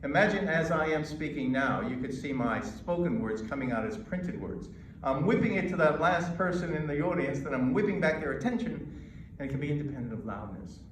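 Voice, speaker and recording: An American man coaching an audience on presenting, emphatic and measured, pausing between points. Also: a little high, animated, distant mic, noisy background. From United States. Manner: emphatic, with pauses and demonstrations. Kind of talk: lecture to a live audience. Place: lecture hall. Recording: echoey hall recorded from afar.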